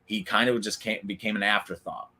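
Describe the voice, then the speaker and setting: A man's voice: lowish voice, steady tone, a little fast, sharp tone, husky. A man hosting a casual wrestling recap stream, chatty and opinionated, talking back to viewers in the chat. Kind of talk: casual live-stream commentary.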